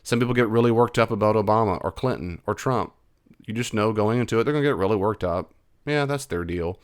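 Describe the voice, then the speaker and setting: A man's voice: on the low side, quick pace, clean tone. A middle-aged man with a Southern US accent, a Christian counselor giving casual, reassuring advice in reply to an email. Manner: reassuring, encouraging, conversational with repeats.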